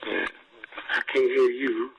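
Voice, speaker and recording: A man's voice: mid-range voice, slow, gravelly, highs cut off, slight background noise. An older man speaking as a guest on a call-in radio show, folksy and preachy, often repeating himself. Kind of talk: casual call-in radio talk.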